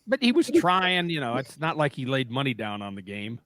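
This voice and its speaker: A man's voice: medium pitch, sing-song, a little fast, a bit bright, dry recording. A man co-hosting a radio show, telling sports stories and teasing the host. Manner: storytelling, teasing. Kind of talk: casual radio banter.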